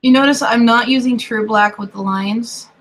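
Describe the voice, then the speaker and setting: A woman's voice: a little high, fairly even intonation, normal speed, poor audio. A woman streaming while she draws, talking in a casual, rambling way with apologetic, self-deprecating asides that often trail off into murmurs. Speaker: digital artist streaming her drawing. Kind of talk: casual commentary while drawing.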